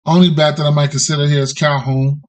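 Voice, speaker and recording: A man with a slightly higher voice hosting a sports betting podcast. He talks casually through his picks in loose street slang, repeating phrases and tossing in "right?" as he goes. The delivery is relaxed and off the cuff. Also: fast.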